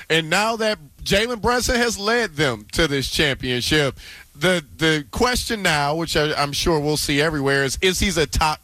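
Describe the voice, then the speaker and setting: A man co-hosts a sports radio show with a high, bright voice, relaxed and agreeable as he talks basketball. His voice sounds dry and close, with no room around it. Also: no room sound. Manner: relaxed, agreeable, laughs along. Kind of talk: casual sports talk.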